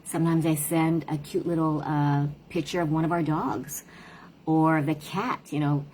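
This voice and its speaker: Lower-voiced middle-aged woman, parent coach. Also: steady tone, unhurried, darkish tone, a little hiss or hum. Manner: reflective, conversational, tells stories about her daughters. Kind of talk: casual livestream talk.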